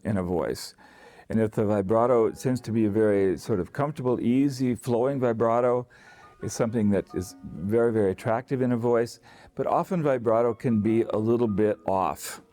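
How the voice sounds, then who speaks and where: A man teaching singing, explaining calmly to camera with many restarts and short sung demonstrations. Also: fairly low pitch. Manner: relaxed, thinking aloud with restarts and sung demonstrations.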